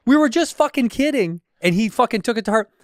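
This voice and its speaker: Fast-talking man on a comedy podcast. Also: very high voice, expressive, no room sound, clean studio sound. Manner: fast, teasing, laughing often. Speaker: podcast co-host. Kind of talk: casual comedy podcast chat.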